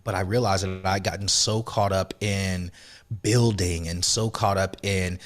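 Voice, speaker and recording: A man speaks as a podcast guest, recounting a personal experience with open emotion. His voice sits on the low side and often drops soft and quiet, then lifts with conviction as he makes his point. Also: steady tone, unhurried. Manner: earnest, emotional, soft-spoken when recounting, rising with conviction. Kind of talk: reflective interview storytelling.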